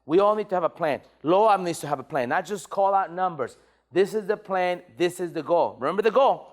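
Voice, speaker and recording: A man leading a motivational sales training, energetic and repetitive, calling on the room to answer back. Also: sits high, brisk. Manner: energetic, repeats phrases, call-and-response.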